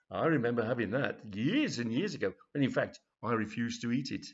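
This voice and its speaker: Man voicing older woman, blunt and disgusted, soft-spoken; lo-fi. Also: mid-range voice, lively intonation, moderate pace, breathy edge. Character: old lady in the park, blunt, disgusted. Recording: dull lo-fi recording.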